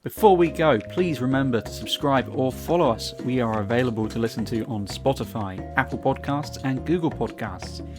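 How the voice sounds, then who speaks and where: A man's voice: mid-range voice, moderate pace, few pauses, over music. A man hosting a podcast, moving between casual chat and an easygoing reading of the outro. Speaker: podcast host.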